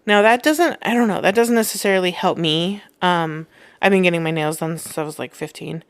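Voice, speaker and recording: A woman's voice: on the low side, fairly quick, clean tone, no room sound. A young woman hosting a podcast in casual chat, reading listener comments aloud and laughing often. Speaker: podcast host.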